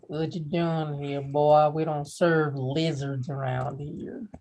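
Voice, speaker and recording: A gruff rural Southern neighbor, put on by a man with a slightly raised pitch and a slow, unwelcoming drawl. He sounds a little distant from the mic, as if leaning away. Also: steady tone, darkish tone, a little hiss or hum. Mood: hostile.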